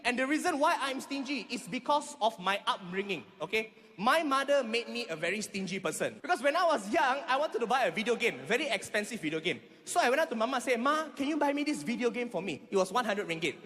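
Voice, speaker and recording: Stand-up comic, male, Malaysian English accent, very high voice, echoing hall. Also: fast. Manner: animated storytelling with shrill acted voices. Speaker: stand-up comedian. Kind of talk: stand-up comedy. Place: comedy stage before a live audience.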